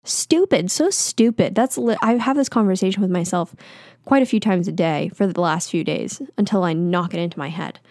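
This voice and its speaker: A woman's voice: lowish voice, brisk, vocal fry, a little mellow, no echo, studio quality. A woman in her twenties talking into a mic in a candid, self-deprecating monologue that rambles with fillers. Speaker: vlogger. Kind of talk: casual confessional monologue.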